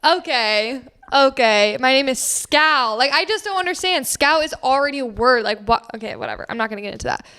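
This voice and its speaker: A young woman with a high-pitched voice talks with a friend on a podcast. She pushes back with playful, emphatic disbelief and a teasing edge, and she keeps things casual. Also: fast talker, hardly any pauses, bright, forceful tone, smooth. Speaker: podcast co-host. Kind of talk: casual chat.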